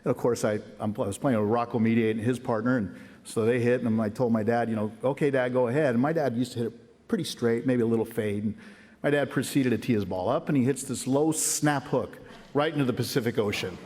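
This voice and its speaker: A man's voice: mid-range voice, brisk, darkish tone. A middle-aged man giving an earnest, folksy acceptance speech as a hall of fame inductee, telling anecdotes at a lectern microphone. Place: large ceremony hall. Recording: long reverb of a big hall.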